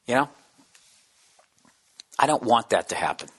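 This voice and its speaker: A man delivering a profane, rambling comedic rant as a podcast host, dropping now and then into hushed whispers. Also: medium pitch, lively intonation, unhurried, long pauses, husky. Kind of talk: casual comedic monologue.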